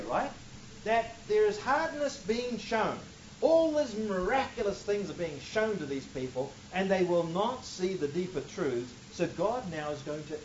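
A man's voice: high voice, darkish tone, slight background noise. A man teaching a Bible passage verse by verse, reading scripture aloud and breaking in with emphatic asides. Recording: dull lo-fi recording.

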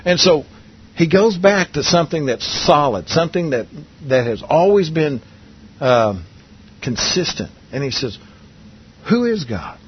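A man's voice: a little high, expressive, a little slow, highs cut off, a little hiss or hum. A man preaching a Bible lesson in a conversational way, asking his listeners questions and often restarting his sentences. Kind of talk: Bible teaching sermon.

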